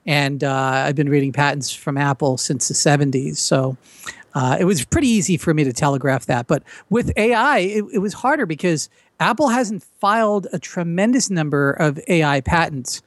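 A man's voice: fairly high pitch, animated, moderate pace, no echo. A man speaking as a guest on a casual podcast, eager and talkative, often stumbling and restarting his sentences. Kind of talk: casual interview.

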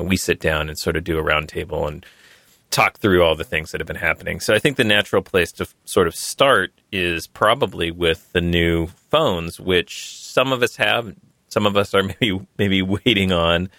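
Low-voiced man hosting a tech podcast. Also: dry recording. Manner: relaxed, chatty, reads sponsor spots conversationally. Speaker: podcast host. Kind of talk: casual tech podcast talk.

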